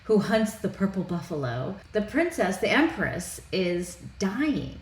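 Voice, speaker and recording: A woman co-hosting a podcast in casual movie review chat, chatty and quick to laugh. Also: mid-range voice, very animated. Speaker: podcast co-host. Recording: roomy echo, faint background noise.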